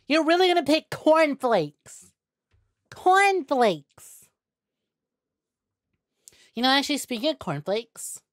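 A young woman streaming a game, chatting casually with viewers, excitable and quick to swear. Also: high-pitched, dry recording, studio quality. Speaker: VTuber streamer. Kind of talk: casual gameplay stream chat.

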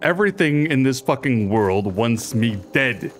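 Excitable swearing gaming host. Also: male voice, mid-range voice, unhurried, slight background noise. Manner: profane, excitable, talks to the game. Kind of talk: casual let's play commentary.

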